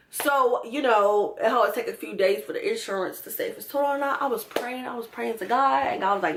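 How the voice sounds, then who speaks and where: A woman's voice: fairly high pitch, normal speed, fairly bright tone, slight background noise. A young woman from Georgia telling a profane, exasperated storytime to her viewers. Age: young adult. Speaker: vlogger. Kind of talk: storytime vlog.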